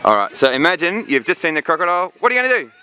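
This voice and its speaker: A man directing a school video shoot, giving brisk, encouraging directions outdoors. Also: fairly high pitch, very animated. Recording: noisy outdoor crowd.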